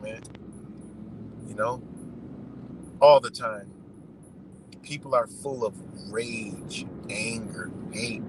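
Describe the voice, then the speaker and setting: A man's voice: mid-range voice, pushed and bright, a little hiss or hum, poor audio. A man giving a profane, rambling unscripted monologue, full of "you know" and "man".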